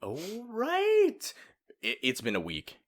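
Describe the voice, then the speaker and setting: A man's voice: high-pitched, huge pitch swings, slow. A man co-hosting a casual podcast, talking expressively, swearing and complaining with gusto. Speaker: podcast co-host. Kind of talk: casual chat.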